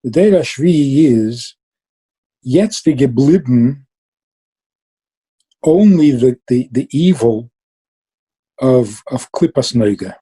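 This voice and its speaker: Dark, husky-voiced man giving a Chassidic talk. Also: mid-range voice, takes it slowly, pauses often, low-quality recording. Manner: lively storytelling, mixing Yiddish and Hebrew terms. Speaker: Chassidic teacher.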